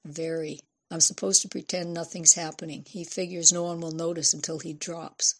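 A man's voice: fairly high pitch, level tone, normal speed, fairly bright tone. A woman voicing a lanky, flamboyant male theater director with a slight Dutch accent, theatrical and wry, in a storybook reading. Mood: worried.

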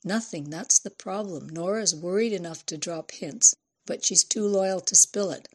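A woman's voice: fairly low pitch, normal speed, a little mellow, breathy edge. Woman doing a frank middle-aged woman. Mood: worried.

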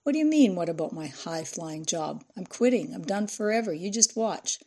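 A woman voicing a distraught middle-aged female journalist, blunt and angry on the phone, with a husky, gravelly voice. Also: fairly low pitch, moderate pace, a little mellow. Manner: frantic, angry outbursts on the phone.

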